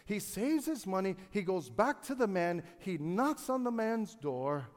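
A man preaching from the pulpit in a large church, his voice pitched high for a man. He drops to a hushed storytelling tone and then climbs to loud, ringing peaks, calling out for the crowd to answer. A long reverb trails behind every phrase. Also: sing-song, measured pace. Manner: preaching with call-and-response to the congregation; builds from low, quiet storytelling to loud, shouted peaks. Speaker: pastor. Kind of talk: sermon. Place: church sanctuary.

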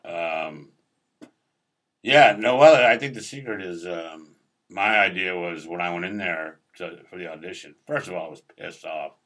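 A man's voice: low voice, moderate pace, fairly bright tone. A man, an actor, telling a rambling, profane story in casual conversation.

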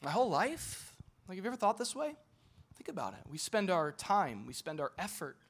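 A man preaching an impassioned sermon as pastor, swinging between loud urging and low intimate tones and often repeating his words. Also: very animated, fairly quick.

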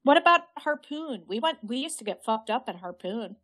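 A woman's voice: on the high side, expressive, normal speed, a bit bright. A woman co-hosting a podcast in casual chat, laid-back and enthusiastic, swearing freely. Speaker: podcast co-host.

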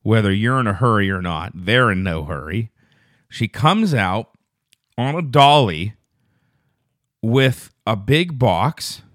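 A man with a lowish voice talks alone into a dry, close mic, unspooling a long, profane anecdote. He drifts and restarts, then jumps up in pitch and speed whenever something outrages him. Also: no room sound. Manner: rambling, profane storytelling; grows loud and fast when indignant. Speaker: podcast host. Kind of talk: casual solo podcast monologue.

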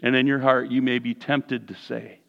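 A man preaching a sermon as pastor, animated, swinging from hushed lines to loud ones. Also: mid-range voice, moderate pace, gravelly, muffled recording. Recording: reverberant hall.

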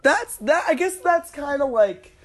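A woman's voice: sits high, animated, unhurried. A woman co-hosting a casual movie podcast. She rambles, strings thoughts together with lots of "like", and giggles along the way. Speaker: podcast co-host.

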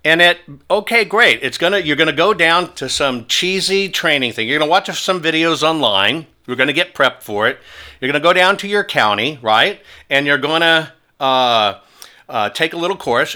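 A man hosting a talk show, telling stories in a forceful, taunting manner. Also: on the high side, animated, brisk. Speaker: host.

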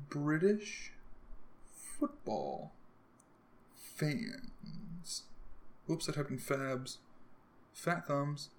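Rambling crude young man podcasting. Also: a little high. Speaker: podcast host. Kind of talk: casual solo podcast rant.

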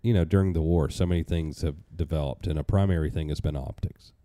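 A man talks in a relaxed, conversational way with some cursing, like a podcast host. His voice sits very low and sounds deeply dark and mellow. The recording is dry and close. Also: fast, no echo.

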